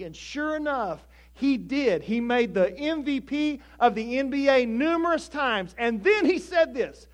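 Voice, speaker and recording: A pastor preaching a sermon to a congregation, talking conversationally with jokes and building to emphatic preaching. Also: male voice, extremely high pitch, animated, a little slow, hardly any pauses.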